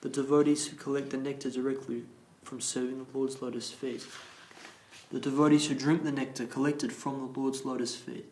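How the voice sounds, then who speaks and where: A man leading a morning class, reading scripture aloud slowly and carefully and explaining it, restarting some verse words. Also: mid-range voice, little pitch movement, darkish tone. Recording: roomy echo.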